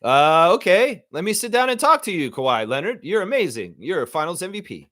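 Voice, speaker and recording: An eager, awestruck young basketball player, as a man acts him out, hesitant and starstruck with drawn-out words. The voice rides higher than the performer's normal talk. It swings widely in pitch. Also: very animated, fairly bright tone.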